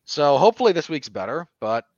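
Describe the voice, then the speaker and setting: A man's voice: fairly high pitch, big pitch swings, quick pace, a little mellow, no echo, muffled recording. A man co-hosting a podcast, chatting casually and dropping dry, sarcastic asides. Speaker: podcast co-host. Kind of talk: casual chat.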